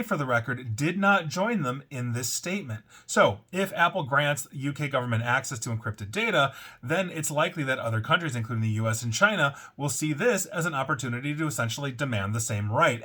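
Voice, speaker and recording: Male tech commentator, bright forceful tone, indignant opinions. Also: medium pitch. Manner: emphatic, indignant, conversational with fillers.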